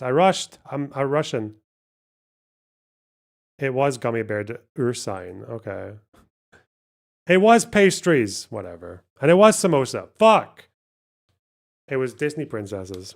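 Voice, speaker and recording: A gravelly, medium-pitched male voice runs a casual live stream, calling out donations and puzzling over a word game out loud with plenty of muttering and swearing.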